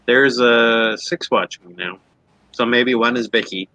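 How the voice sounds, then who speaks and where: A man with a bright, forceful voice, recorded close and dry. He chats bluntly on a casual livestream panel. He asks short, teasing questions. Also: mid-range voice, unhurried, no room sound, low-quality recording. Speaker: panel guest.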